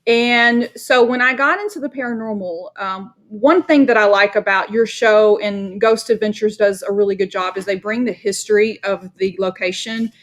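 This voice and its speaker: A Dallas woman with a Texan accent hosts a podcast, chatting in a casual interview style with enthusiasm and easy laughter. Her mid-range voice moves at normal speed with hardly any pauses.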